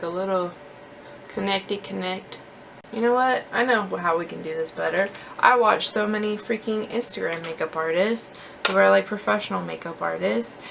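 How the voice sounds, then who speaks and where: Chatty young woman with a gravelly edge. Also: mid-range voice, fairly bright tone, a little hiss or hum. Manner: chatty, self-deprecating, many fillers like "like". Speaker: beauty vlogger. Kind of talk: casual chat while doing makeup.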